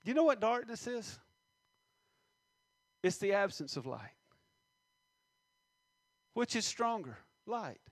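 A man preaching a sermon, reading scripture slowly and stressing words, with many questions to the congregation. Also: high voice, sing-song, dry recording.

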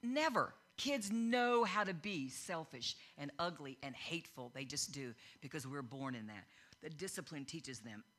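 Bright-voiced woman preaching informally. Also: deep voice, a little slow. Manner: animated storytelling, laughs, acts out voices. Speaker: speaker teaching on faith. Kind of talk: informal sermon with personal stories.

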